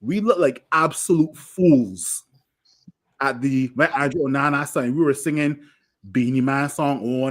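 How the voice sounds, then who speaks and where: Man, furious rant, swearing, repetitive, fan panel podcast. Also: mid-range voice.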